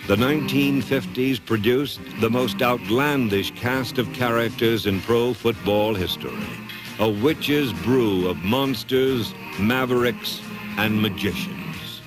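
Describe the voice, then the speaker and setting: A man giving dramatic, measured scripted documentary narration. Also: medium pitch. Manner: dramatic, measured, emphatic delivery. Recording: narration over loud music score.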